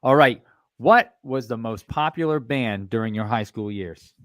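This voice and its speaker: A man's voice: medium pitch, a little slow, dry recording, studio quality. A man co-hosting a podcast, dropping short joking asides in casual chat. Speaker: podcast co-host.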